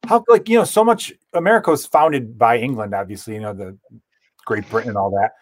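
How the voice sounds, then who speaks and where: A man's voice: mid-range voice, a little fast, dry recording, studio quality. A man hosting a podcast in casual chat, easygoing and rambling with lots of fillers. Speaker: podcast host.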